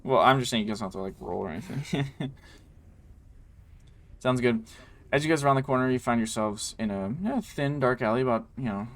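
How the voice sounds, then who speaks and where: A man's voice: mid-range voice, a little fast. A man running a tabletop game as game master, narrating in a loose, rambling way full of ums and likes.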